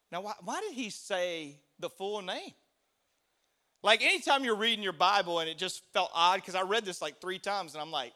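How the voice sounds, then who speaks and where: A man delivering a sermon with a bright, forward tone that sits a little higher than most men's. He talks casually and animatedly, moving between loud bursts and quiet, hushed asides. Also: expressive, moderate pace. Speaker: pastor.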